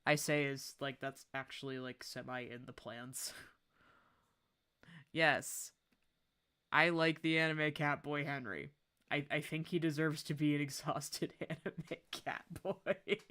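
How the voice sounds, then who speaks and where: A young woman streamer chatting as she sketches, excitable and gushing, with frequent laughter. Her voice sits low but swings widely in pitch, so she keeps jumping between murmured asides and bright squeals. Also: takes it slowly. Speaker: art streamer. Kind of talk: casual livestream chat while drawing.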